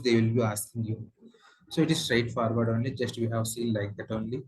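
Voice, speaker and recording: A man with an Indian English accent teaching a software tutorial, explaining step by step with frequent fillers and repeats. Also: mid-range voice, steady tone, moderate pace, husky, poor audio. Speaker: software trainer. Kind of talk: screen-share tutorial lesson.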